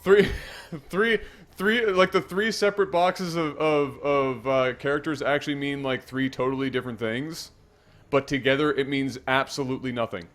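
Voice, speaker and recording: A man's voice: medium pitch, fairly even intonation, moderate pace, a bit bright. A man commentating a video game match in a chatty, joking, crude way. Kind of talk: casual gaming commentary.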